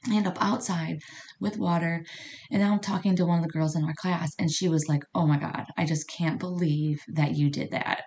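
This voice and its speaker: A woman hosting a podcast, telling a personal story in a casual, chatty way and acting out the dialogue. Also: low-pitched. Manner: chatty, animated, acts out quoted dialogue. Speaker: podcast host.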